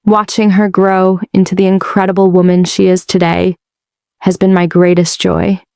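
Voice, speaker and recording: A woman's voice: fairly low pitch, flat delivery, normal speed, creaky, a little mellow, clean tone, no room sound, clean studio sound. A woman voicing a middle-aged mother of the bride, giving a sweet, tearful wedding speech. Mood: tender, sentimental.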